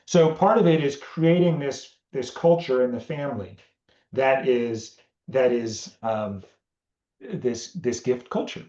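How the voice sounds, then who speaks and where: A man's voice: medium pitch, takes it slowly, echoey room, lo-fi sound. A man hosting a podcast, explaining a family communication tool in a casual teaching talk and acting out conversations with his daughter. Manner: animated, acts out family conversations. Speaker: podcast host.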